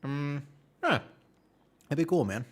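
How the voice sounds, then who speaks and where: A man's voice: on the high side, lively intonation, slow pace. A man in his twenties, a game streamer chatting casually and jokingly with his viewers in a rambling way. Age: 20s. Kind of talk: casual live-stream chat.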